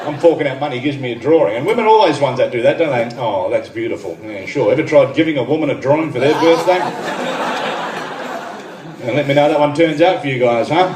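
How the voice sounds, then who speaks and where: A man's voice: on the high side, expressive, fast talker. A man in his thirties with an Australian accent doing a stand-up routine, trading dry one-liners and asides with the crowd. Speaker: stand-up comedian. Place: benefit night venue, live room. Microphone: far phone recording. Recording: echoey far phone recording, noisy room. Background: crowd laughter and room noise.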